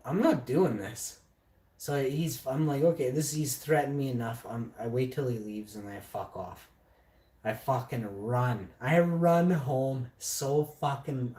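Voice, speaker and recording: A man's voice: medium pitch, darkish tone. A man telling a personal story in a blunt, heavily profane casual monologue. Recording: echoey room, distant mic.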